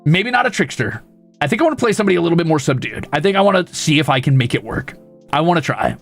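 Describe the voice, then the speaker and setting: A man's voice: on the high side, lively intonation, quick pace, gravelly, soft background music. A young man chatting casually on a stream, rowdy and mischievous, swearing often and laughing a lot.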